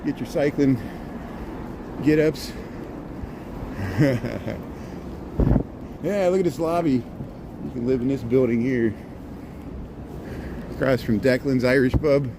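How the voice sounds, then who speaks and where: A man in his forties from Indiana, with a Midwestern accent, hosts a walking livestream on a city street in light rain, with street noise behind him. His mid-range voice is slow and creaky, and he pauses often. He rambles in a folksy way, stuffing his sentences with "here" and "there."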